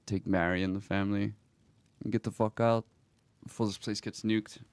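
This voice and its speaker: A man with a low, gravelly voice that still sounds smooth and full. He streams a roleplay game, reading in-game messages aloud slowly and reacting quietly and reflectively between them. The sound is close and dry, with no room in it. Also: flat delivery, no echo.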